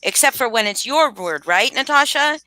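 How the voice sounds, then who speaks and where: A woman hosting a casual livestream panel over a video call, brisk and sarcastic as she runs things. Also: sits high, animated, bright, forceful tone, dry recording. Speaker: livestream host.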